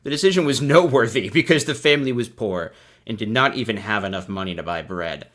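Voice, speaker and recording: A man's voice: lowish voice, fast, fairly bright tone. A man hosting a casual livestream, reading out anecdotes and riffing on them with sarcastic, self-deprecating asides. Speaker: host of a commentary channel.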